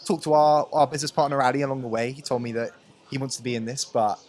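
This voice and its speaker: A man's voice: medium pitch, fairly even intonation, fast talker, a little mellow. A young man co-hosting a casual podcast chat, rambling and repeating words in an upbeat way. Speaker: podcast co-host.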